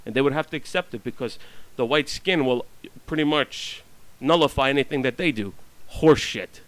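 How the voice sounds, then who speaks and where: A man's voice: mid-range voice, normal speed, a bit bright, poor audio. A man telling rambling stories in a blunt, profane monologue, full of fillers and restarts. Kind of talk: ranting storytelling monologue.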